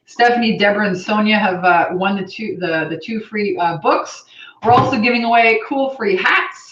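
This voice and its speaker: A woman hosting a live coaching Q&A, energetic and blunt, swearing casually as she teaches. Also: medium pitch, moderate pace. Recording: roomy, slightly dull sound.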